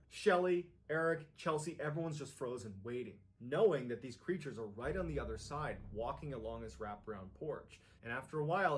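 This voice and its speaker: A man narrating a horror story with a suspenseful manner that builds intensity. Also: mid-range voice.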